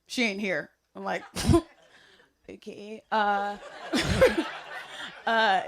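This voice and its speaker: A young woman from the area speaks, delivering a loose, chatty wedding speech. She rambles with plenty of "um" and "like" and breaks into laughter often. Her voice sits at an ordinary middle pitch for a woman. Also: steady tone, drawn-out words, a little hiss or hum. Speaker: wedding guest giving a toast.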